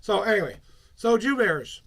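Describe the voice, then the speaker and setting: A man's voice: sits high, very animated, normal speed, fairly bright tone, husky. A man reading tarot on a live stream, chatty, rambling and upbeat as he talks to his viewers.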